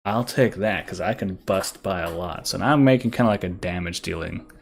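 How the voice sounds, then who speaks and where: Low gravelly man, casual gaming commentary. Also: fairly quick, a little hiss or hum. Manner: thinks aloud, reads card text, many fillers. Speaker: gaming streamer.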